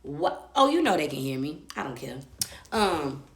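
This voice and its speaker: A young woman telling a personal story live, animated and profane. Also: deep voice, normal speed, roomy sound. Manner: animated, profane, acts out quotes. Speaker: storyteller host.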